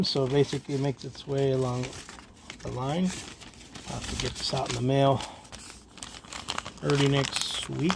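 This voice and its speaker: A man's voice: fairly high pitch, gravelly, a little mellow. A man casually chatting to viewers as he unpacks a box of baseball cards, talking to himself and dropping into whispers. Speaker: card collector vlogger. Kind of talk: casual unboxing chat. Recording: noisy home recording.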